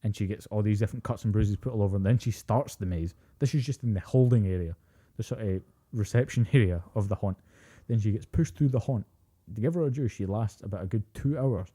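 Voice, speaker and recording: Low, dark-voiced man telling stories. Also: quick pace, breathy edge. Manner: animated storytelling, heavy swearing, acts out quotes. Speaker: podcast co-host. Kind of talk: casual chat.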